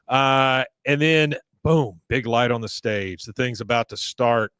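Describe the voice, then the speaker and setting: A man co-hosting a podcast, recapping a cartoon episode in an animated way, doing the characters' voices and laughing as he goes. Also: mid-range voice, a little slow, clean tone, no echo, studio quality. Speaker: podcast co-host.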